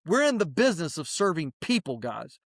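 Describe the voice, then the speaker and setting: Podcast co-host, male, higher-pitched, blunt and animated, dry close recording. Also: brisk, dry recording. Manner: animated, preachy advice-giving; plain-spoken, mild swearing. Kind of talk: casual chat.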